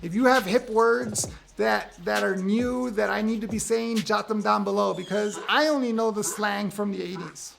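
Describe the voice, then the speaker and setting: A man in his fifties from the United States, talking candidly to camera with wry, animated storytelling. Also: sits high, normal speed, creaky, few pauses. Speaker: vlogger sharing a personal list. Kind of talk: casual talk to camera.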